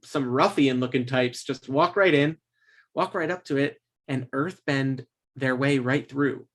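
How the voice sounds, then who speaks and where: A game master running a tabletop game on a stream recaps the story so far through a streaming microphone. He rambles loosely at an ordinary pitch, pausing to search for words and laughing often.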